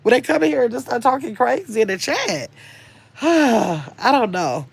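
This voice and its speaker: A woman's voice: a little high, sing-song, unhurried, creaky, breathy edge. An older woman hosting a casual livestream, chatting and rambling as she reads viewers' comments aloud. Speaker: livestream host reading chat.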